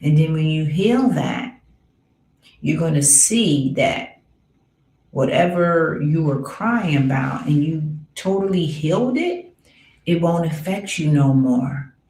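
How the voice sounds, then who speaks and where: A woman with a low voice hosts a healing podcast, talking slowly and earnestly. She repeats her points for weight, calls listeners dear ones and sometimes sinks into a whisper. The sound is roomy and echoey. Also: expressive, creaky, slight background noise. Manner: drops to soft whispers on key words. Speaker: podcast host, spiritual healer. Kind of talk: slow, earnest spiritual talk.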